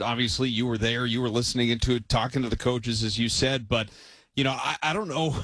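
A man's voice: mid-range voice, fairly bright tone, no room sound. A man with an ordinary mid-range voice co-hosts a sports talk show, wandering a little through his points with easygoing fillers. He sounds close and dry, with no room around him. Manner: easygoing, rambling, hedges with fillers. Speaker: radio show co-host.

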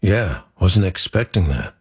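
A distracted woman in a waiting room answers small talk with flat, deadpan replies, read by a man in his own voice. The voice is deep and husky, with a gravelly edge. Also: a little slow, heavily acted.

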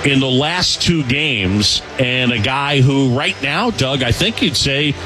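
A man's voice: medium pitch, expressive, slow, background noise. A man on a baseball broadcast crew, chatting casually as he takes the handoff. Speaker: game broadcast crew member.

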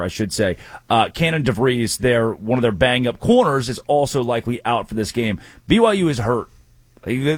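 A man hosting a sports talk show, making college football picks with quick wisecracking asides. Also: mid-range voice, no room sound. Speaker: sports radio host.

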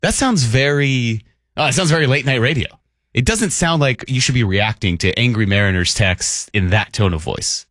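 A man hosting a morning sports radio show, talking quickly and casually and laughing often. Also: medium pitch, animated, a bit bright, dry recording, clean studio sound.

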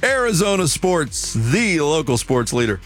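A man hosting a morning sports radio show, reading headlines briskly and bantering with his co-hosts. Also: fairly high pitch, sing-song, over music.

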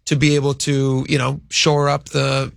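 A man's voice: mid-range voice, completely flat delivery, normal speed, creaky, dry recording, clean studio sound. A man hosting a radio talk show, chatting casually with his cohost in a rambling way.

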